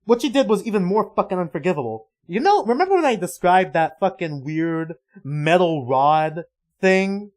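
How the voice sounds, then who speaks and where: A man's voice: high voice, sing-song, normal speed, a little mellow. Rambling, swearing man streamer. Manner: rambling, heavy swearing, exasperated. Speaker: livestreamer. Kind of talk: casual reaction commentary.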